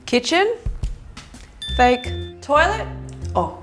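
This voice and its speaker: A woman's voice: high voice, big pitch swings, very slow, music in the background. A woman hosting her own show from a green screen studio, bubbly and teasing in scripted comedic delivery. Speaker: host of a hacks show. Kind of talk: scripted comedic vlog presenting.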